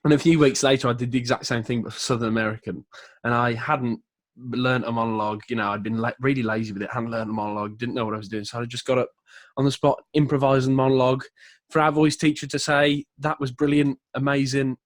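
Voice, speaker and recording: A man's voice: mid-range voice, little pitch movement, quick pace, no echo. A man co-hosting a podcast, telling stories casually and laughing easily. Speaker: podcast co-host. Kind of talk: casual chat.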